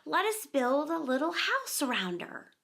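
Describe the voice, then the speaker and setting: Woman doing a bossy boy captain, raised bright voice, brisk commands, storybook. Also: sits high, big pitch swings, voice pushed up, heavily acted. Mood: commanding. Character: boy leader, bossy and eager.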